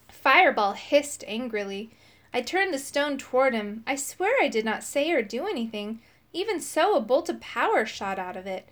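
A woman reading a children's book aloud in an expressive storytelling manner, changing her voice for the quoted lines. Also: on the high side, normal speed. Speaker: audiobook reader.

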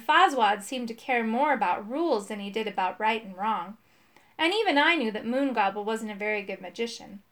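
A woman's voice: a little high, a bit bright. Woman reading a children's story. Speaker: narrator.

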